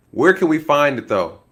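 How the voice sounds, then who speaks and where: A man with a somewhat high voice gives casual true-crime commentary, animated and speculative. He laughs often and keeps turning to his viewers. He plays out scenarios as he goes. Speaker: online commentator, former law enforcement.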